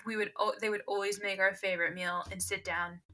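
A woman podcast co-host chatting casually about a book. Her voice is bright and forward. She talks animatedly, laughs easily and swears without a second thought. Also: medium pitch, flat delivery, fairly quick. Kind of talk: casual book-club chat.

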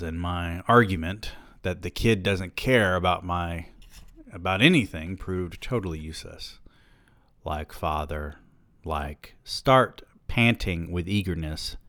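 Deep-voiced man reading a novel aloud. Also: a little slow, fairly bright tone, no echo. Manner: dry, profane, sardonic asides. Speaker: podcast host reading a novel.

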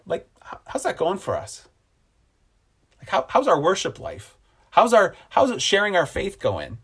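A man preaching a sermon as a pastor, earnest and repeating phrases for emphasis, slowing down on key lines. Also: high voice, huge pitch swings, a bit bright, breathy edge.

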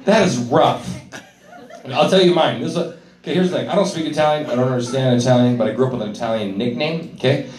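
A man's voice: medium pitch, fast talker, distant mic. Man, stand-up comedian, crowd work, rowdy and profane, echoey club room. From Canada. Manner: profane, loud, rowdy storytelling.

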